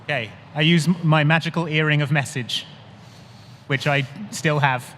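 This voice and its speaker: A man's voice: a little high, fairly even intonation, normal speed, a bit bright, slight background noise. A man playing a tabletop game live on stage, making dry asides. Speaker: player. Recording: live hall reverb.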